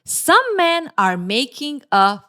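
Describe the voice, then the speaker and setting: A woman's voice: high-pitched, big pitch swings, slow pace, sharp tone, clean tone. A woman giving casual relationship commentary for a video, sarcastic and teasing, with frequent laughs and playful asides.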